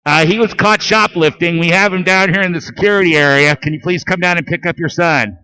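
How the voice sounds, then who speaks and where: A man's voice: high voice, a little fast, bright, forceful tone, poor audio. A man voicing a polite male store security guard who speaks in a stiff, formal, apologetic way.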